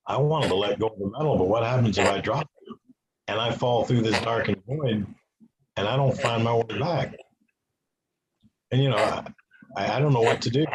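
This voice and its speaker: A man giving an earnest personal testimony as an interview guest. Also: on the low side. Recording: noisy with clicks.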